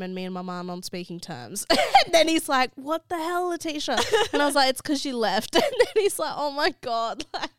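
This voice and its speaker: A woman's voice: mid-range voice, clean tone, dry recording, studio quality. A young woman co-hosting a podcast, chatting casually and rambling with frequent laughter. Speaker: podcast co-host. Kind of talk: casual chat.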